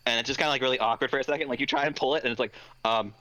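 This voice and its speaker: A man's voice: medium pitch, fairly even intonation, rapid-fire, pushed and bright, dull audio. A man narrating as dungeon master in a tabletop game, loose and rambling, with lots of "like".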